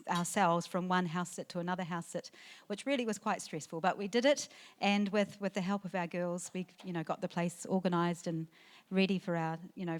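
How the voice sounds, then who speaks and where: Emotional mother of the bride speaking. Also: mid-range voice. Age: middle-aged. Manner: emotional, tearful at times, laughing through the speech; halting, with many fillers and restarts. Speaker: mother of the bride giving a speech. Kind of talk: wedding reception speech. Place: wedding reception venue, indoors.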